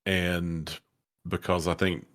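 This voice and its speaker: A man playing a tabletop game, relaxed and thinking aloud as he plans his turns. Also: low voice, slow pace, a crowd in the background. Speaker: player. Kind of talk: casual tabletop game play.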